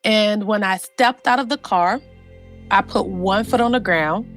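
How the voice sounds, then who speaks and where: A middle-aged woman, animated and heartfelt, telling personal family stories with many fillers. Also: mid-range voice, a little slow, faint music behind. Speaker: guest genealogist. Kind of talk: personal storytelling.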